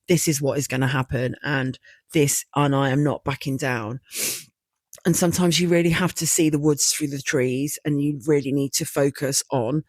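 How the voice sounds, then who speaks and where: A woman's voice: low-pitched, no room sound. A woman hosting a personal podcast, telling her own story candidly and emotionally, acting out her past thoughts and swearing freely. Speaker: podcast host.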